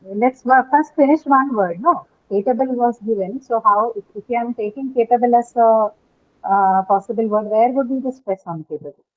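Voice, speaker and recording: Over tinny, phone-like call audio, a female English teacher gives an online lesson on word stress. Her voice is fairly high and her speed normal, and she speaks patiently, putting questions to her students and often checking in with "right?"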